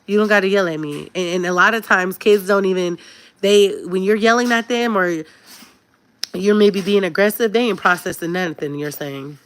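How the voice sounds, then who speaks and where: A woman's voice: medium pitch, normal speed, fairly bright tone, clean tone. A woman in her thirties hosting a casual live stream, talking candidly and earnestly about parenting.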